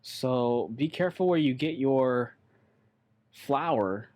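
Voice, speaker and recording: A man chatting on a podcast in a loose, rambling way, blunt and quick to swear. His voice sits at an ordinary middle pitch. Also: expressive, darkish tone. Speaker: podcast co-host. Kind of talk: casual chat.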